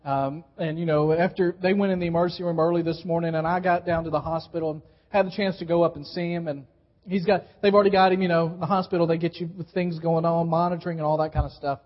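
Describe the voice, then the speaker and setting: High-voiced emphatic male preacher. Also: fairly even intonation, fast. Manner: emphatic, repeats key phrases, coaches the congregation to respond. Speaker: pastor. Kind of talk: sermon. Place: church sanctuary. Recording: dull live church recording with long reverb.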